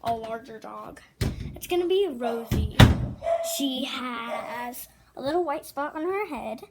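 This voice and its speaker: A female vlogger chatting casually at home, rambling and cooing at her dogs in a high voice. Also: expressive, slow pace. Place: home, indoors and out in the rain. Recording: noisy home video with rain noise.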